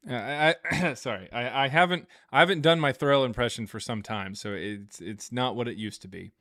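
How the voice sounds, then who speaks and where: A man hosts a casual live stream, chatting loosely with plenty of fillers and restarts. His voice swings widely in pitch as he jokes through viewer messages. The sound is dry and close, with no room echo. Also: lively intonation, moderate pace, hardly any pauses, pushed and bright. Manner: rambling, jokey, many fillers and restarts. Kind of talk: casual live-stream chat reading super chats.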